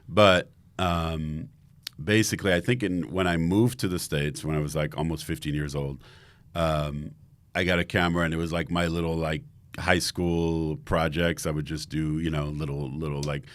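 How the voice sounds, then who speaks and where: Deep smooth-voiced French man. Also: little pitch movement, moderate pace, no room sound. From France. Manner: rambling, laid-back, many fillers. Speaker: podcast guest, photographer. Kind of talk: casual storytelling chat.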